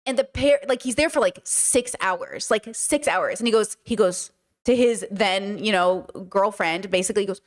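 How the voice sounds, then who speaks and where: A young woman hosting a live stream, chatting casually and telling family stories with lively acted-out quotes. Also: mid-range voice, moderate pace. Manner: animated storyteller, acts out family members' lines. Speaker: streamer host.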